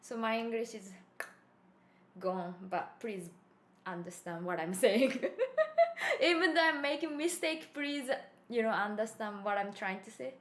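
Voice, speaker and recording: A woman's voice: fairly high pitch, animated, measured pace. A woman whose first language is Japanese, chatting playfully on a live stream, giggling and slipping in Japanese phrases. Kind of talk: casual live-stream chat. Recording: echoey room with faint ambient noise.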